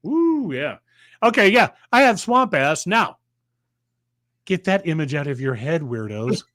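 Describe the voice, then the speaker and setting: A man's voice: a little high, very animated, unhurried, a bit bright, no echo, clean studio sound. A middle-aged man co-hosting a podcast, trading teasing jokes in casual chat while sweating in a hot room. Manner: joking, teasing banter. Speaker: podcast co-host.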